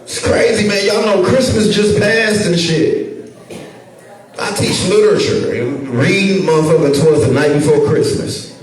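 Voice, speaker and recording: A middle-aged man from St. Louis with a St. Louis accent doing a profane stand-up set, loud and animated, jumping into shouted voices. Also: sits high, a little slow. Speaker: stand-up comedian. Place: comedy club stage with a laughing audience. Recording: echoey club sound from a distance with crowd noise.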